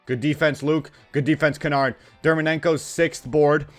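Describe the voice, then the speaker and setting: Faint music from the game sits behind a fairly high-pitched man as he calls his basketball matchup for his gaming channel. His mood lurches from hype to irritation, and he talks to the on-screen players directly in a casual, slang-heavy, swear-filled style.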